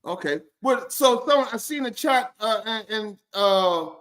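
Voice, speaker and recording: A man's voice: high-pitched, expressive, normal speed, fairly bright tone. A man hosting a live stream interview, joking and teasing his guests in playful banter.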